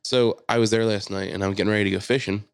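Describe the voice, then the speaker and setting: A man telling a long story in casual podcast chat, acting out the people in it with shouted lines. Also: lowish voice, fast talker, gravelly, clean tone, no room sound. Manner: animated storyteller, mimics shouting voices. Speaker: podcast co-host.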